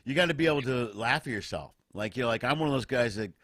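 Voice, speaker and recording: Animated fast-talking male host. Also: mid-range voice, dry recording. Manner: animated storyteller, acts out voices. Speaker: podcast host. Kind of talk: casual chat. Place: home, remote video chat.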